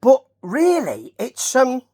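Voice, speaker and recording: A man's voice: extremely high pitch, wildly swooping pitch, slow, a little mellow, breathy edge. Chatty Nottingham man rambling through reviews. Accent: Nottingham English. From Nottingham, England. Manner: rambling and chatty, with asides and questions to the listener. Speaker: wrestling reviewer. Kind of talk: casual rambling review commentary.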